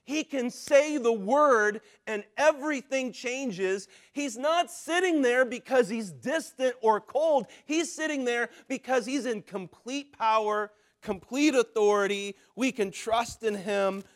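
High-voiced preacher man. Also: slow, hardly any pauses. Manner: preaching with dramatic swings from loud to hushed; acts out quoted voices in his telling. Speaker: pastor. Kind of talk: sermon.

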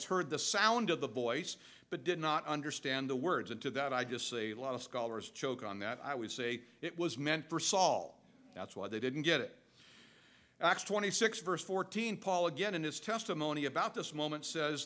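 A middle-aged male pastor preaching a sermon, animated and storytelling, swinging between loud and soft. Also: a little high, moderate pace.

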